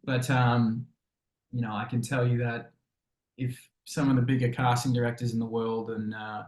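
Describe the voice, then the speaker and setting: An Australian actor telling stories casually, rambling with many fillers and acting out quoted lines. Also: male voice, mid-range voice, flat delivery, moderate pace, darkish tone. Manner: chatty, rambling, full of fillers and acted-out quotes. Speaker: actor and interview guest. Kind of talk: casual storytelling interview. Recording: echoey room.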